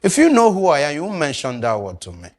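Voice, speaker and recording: A man's voice: on the high side, quick pace. Guy teaching a sales class, voice swings up and down a lot, keeps asking the room questions. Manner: animated, quizzes the audience. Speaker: sales trainer. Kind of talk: classroom lecture.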